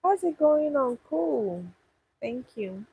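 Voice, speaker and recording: A woman's voice: high voice, expressive, takes it slowly, phone-quality sound, a little hiss or hum. A young woman chatting casually with viewers on a livestream, thinking aloud and restarting her sentences. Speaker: livestream host answering viewers. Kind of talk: casual live chat.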